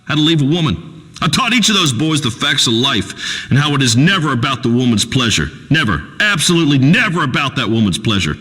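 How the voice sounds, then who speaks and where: Loudmouth redneck radio host, bright lively voice, pompous and crude. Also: male voice, medium pitch, brisk, slightly rough, long reverb tail, exaggerated voice. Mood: preachy. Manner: pompous, blustering, folksy grammar. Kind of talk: comedic radio talk show acting.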